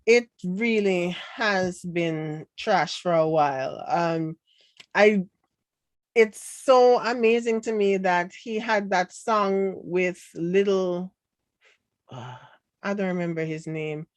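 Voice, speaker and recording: Jamaican lady vlogging, slow easy talk, sarcastic, dry close sound. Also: lowish voice, no echo. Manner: chatty, sarcastic, laughs often. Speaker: commentary vlogger reading comments. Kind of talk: casual chat.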